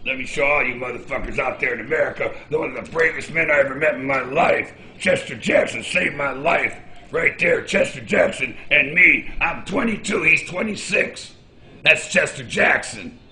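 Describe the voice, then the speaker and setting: A man's voice: fairly high pitch, normal speed, bright, forceful tone, a little hiss or hum. A man in his sixties telling rambling personal stories, blunt and profane, jumping from memory to memory. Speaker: interviewee. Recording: roomy echo.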